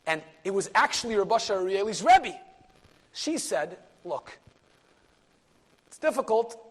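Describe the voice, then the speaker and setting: A man, a rabbi, telling a story in a class, animated, dropping to a hush at key moments and mixing in Yiddish and Hebrew words. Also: high voice, unhurried, husky. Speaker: rabbi and lecturer.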